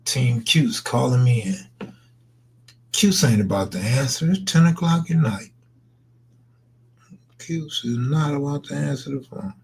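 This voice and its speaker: A man's voice: mid-range voice, unhurried, vocal fry, pauses often, breathy edge. A man chatting loosely on a late-night live stream, answering viewers in slangy, laid-back talk that trails into mumbles.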